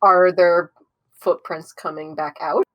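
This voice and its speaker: A woman's voice: lowish voice, steady tone, slow, a bit bright. A woman playing a tabletop game, casual and blunt with hesitant fillers and some swearing. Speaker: player.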